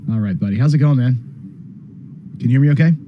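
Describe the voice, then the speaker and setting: A man hosting a live gambling charity stream, rambling casually and clearing his throat as he talks. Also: mid-range voice, quick pace, noisy background. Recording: dull, dry lo-fi stream audio.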